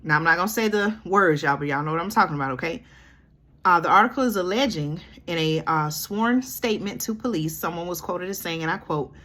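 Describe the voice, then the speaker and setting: A commentary vlogger from Georgia, USA, reads a news article aloud and comments on it, often breaking in with "okay?" and "y'all." Her lowish voice is brisk with a fairly bright tone.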